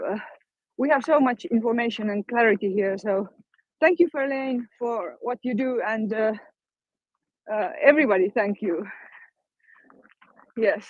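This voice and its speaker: Slow, halting woman on muffled call audio. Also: fairly high pitch, darkish tone, dry recording. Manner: halting, many fillers and restarts. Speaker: Twitter Space speaker. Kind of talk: emotional spontaneous speech. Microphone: online audio room.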